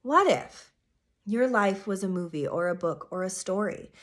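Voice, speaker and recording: Speaking at normal speed with a medium-pitched voice, a woman astrologer talks directly to viewers in a casual weekly forecast. She's animated and emphatic, occasionally sinking into a soft hush.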